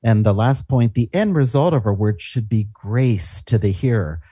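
Calm husky man reading scripture. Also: on the low side, normal speed, dry recording, studio quality. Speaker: Christian radio co-host.

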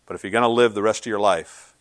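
A man's voice: fairly low pitch, steady tone, quick pace, no room sound. Earnest preaching man, dry sound. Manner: earnest, swings from loud to hushed. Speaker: pastor. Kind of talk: sermon.

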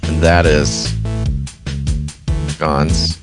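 A man co-hosting a talk show in casual comedic chat, joking and animated. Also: extremely low pitch, very slow, over loud music. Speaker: podcast co-host.

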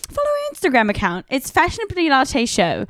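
A woman's voice: sits high, huge pitch swings, a bit bright, no room sound, studio quality. A young woman co-hosting a casual podcast, teasing and swearing freely. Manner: teasing, sweary, fast talking. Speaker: podcast co-host.

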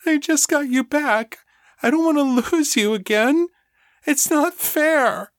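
A man putting on a high, tearful young woman. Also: slow pace, no echo, studio quality. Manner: pleading, voice pitched far up.

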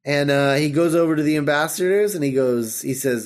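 Male podcast host, casual chat, animated, laughs a lot, slightly high voice. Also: a little fast. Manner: animated, full of fillers, laughs often. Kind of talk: casual chat recapping an episode.

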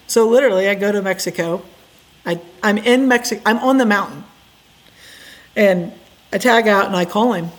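A middle-aged woman from Indiana, a podcast guest, telling her story in a casual, animated way and acting out the quotes. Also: mid-range voice, moderate pace. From Indiana, USA.

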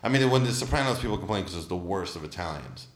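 A man's voice: low voice, animated, fast. A man from New Jersey chatting casually on a podcast, joking and rambling, often tripping over his words. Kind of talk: casual chat.

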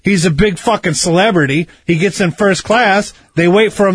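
Man, high voice, husky, swearing, insistent, rambling conspiracy talk. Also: moderate pace, no room sound. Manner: insistent, argumentative. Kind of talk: casual chat.

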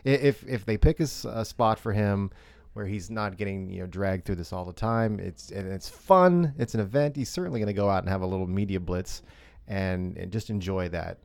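A man's voice: on the low side, brisk, vocal fry, a little mellow, no room sound. A middle-aged man co-hosting a podcast, talking casually with wry jokes. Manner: wry, joking. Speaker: podcast co-host. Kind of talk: casual chat.

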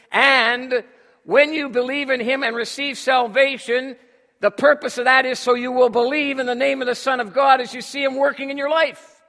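A man's voice: extremely high pitch, pushed and bright. A man preaching a sermon with emphasis, drawing responses from his congregation. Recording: long hall reverb.

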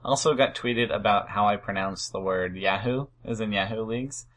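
A man's voice: fairly low pitch, normal speed, a bit bright. A man co-hosting a casual fantasy baseball podcast, dry and teasing, with a mild Oregon accent. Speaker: podcast co-host.

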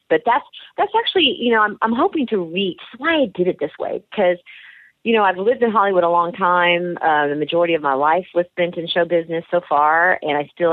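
Over a dry, narrow-band, phone-like line with no echo, a woman with a fairly low pitch answers radio interview questions about her writing and career. The actress and author talks candidly, rambling through plenty of restarts and fillers.

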